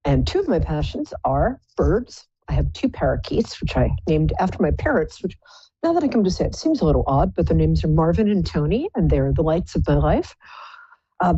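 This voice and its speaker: A woman's voice: low-pitched, mellow, slightly rough, no echo, muffled recording. A woman hosting a live psychic call-in show, chatting in a playful, rambling, self-mocking way. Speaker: psychic radio show host.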